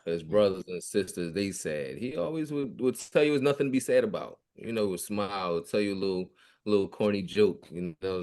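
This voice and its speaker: A father answering a podcast interviewer in a casual, halting way, often repeating words as he reflects on his son. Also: low voice, a little mellow.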